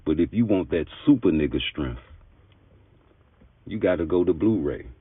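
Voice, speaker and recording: A man's voice: low voice, lively intonation, moderate pace, husky, dry recording. A man giving an emphatic, argumentative boxing commentary in blunt street talk. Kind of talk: opinionated commentary monologue. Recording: tinny phone-like dry sound.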